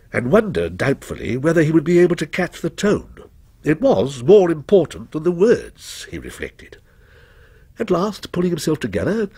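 A man narrating a ghost story in a measured, expressive storytelling manner. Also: medium pitch, breathy edge, no echo. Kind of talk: scripted ghost story reading.

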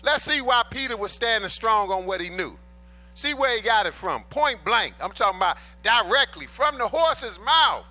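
A man's voice: sits high, very animated, moderate pace, bright, forceful tone, faint music behind. A man preaching a sermon in an emphatic, colloquial way, repeating his key points and addressing the congregation as brothers and sisters. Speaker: pastor.

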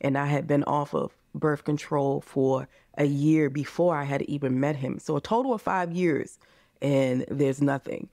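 A low-pitched, mellow woman's voice unfolds unhurriedly in clean studio sound, with no room sound. She's an American podcast guest in her forties, earnest and passionate throughout a candid interview, often speaking to listeners as "you guys."

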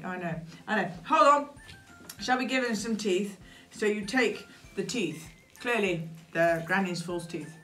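Here the craft-show host speaks a little slowly, her medium-pitched voice fairly bright in tone. She keeps up a playful, sing-song manner, talking to a puppet as she works, while faint music and roomy echo fill the recording.

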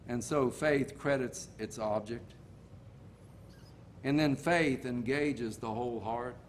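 An older man preaching a sermon in a folksy storytelling manner, slowing down to stress key points. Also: medium pitch, a little hiss or hum.

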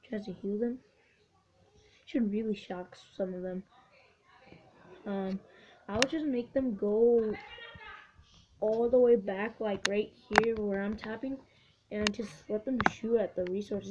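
A woman giving excitable, swearing let's-play commentary, cheering on her units. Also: medium pitch, measured pace. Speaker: gamer. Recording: dull lo-fi recording with faint hiss.

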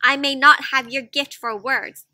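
A woman voicing a small, eager male squirrel in a children's storybook read-aloud, in a bright sing-song. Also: high voice, steady tone, unhurried, dry recording, studio quality, heavily acted. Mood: earnest.

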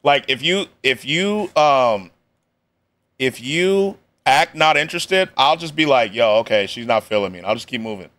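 A man streaming live, reacting to a video with relaxed, slang-heavy chatter. His voice sits at an ordinary pitch for a man, and his delivery stays loose and offhand, full of joking asides. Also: normal speed.

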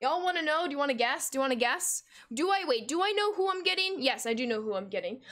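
A young woman in her twenties with a high, bright-pitched voice hosts a live game stream. She runs through game content and thanks viewers with upbeat, effusive energy. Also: lively intonation, fast talker. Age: 20s.

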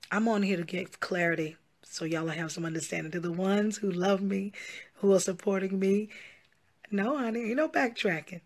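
A woman who is a pastor and gospel singer speaks directly to her followers in a social media video, her voice mid-range at a moderate pace. She's emphatic and pleading, often repeating herself and calling listeners "y'all" and "honey."

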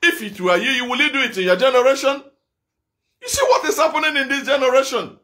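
Male evangelist, very high and bright tone, impassioned sermon with shouted repeats. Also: animated, a little fast. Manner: impassioned, repetitive, bursts of shouting. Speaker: evangelist preacher.

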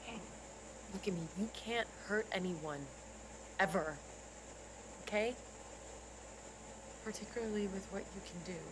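A woman's voice: mid-range voice, a little slow, long pauses, noisy background, lightly acted. An actress playing a mother in a TV drama, firm and protective, pleading for her son. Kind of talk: TV drama acting.

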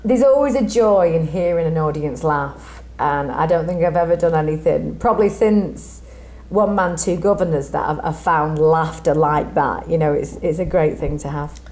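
A woman, an actress, chats as a guest on an interview show. Her voice sits a little low, and she rambles warmly, often restarting her sentences. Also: moderate pace. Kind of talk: casual interview chat.

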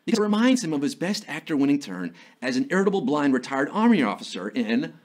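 A man's voice: fairly high pitch, big pitch swings, quick pace. A man hosting a live trivia game show, reading questions with playful jokes and theatrical asides. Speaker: quiz show host.

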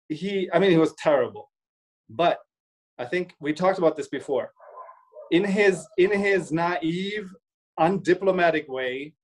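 Male co-host, slightly raised pitch, halting, restarts often, voices imagined remarks. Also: poor audio. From Germany. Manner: hesitant with many restarts, acts out imagined quotes. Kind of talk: casual discussion.

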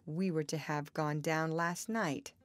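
A woman's voice: sits low, steady tone, a little slow. A woman voicing a troubled, yearning young farmer, speaking in an earnest, pleading way in an audiobook.

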